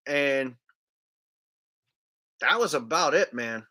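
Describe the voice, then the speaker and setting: A man's voice: mid-range voice, moderate pace, pushed and bright. A man hosting a casual livestream, rambling loosely and dropping "man" and "like" as he talks. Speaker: livestream host.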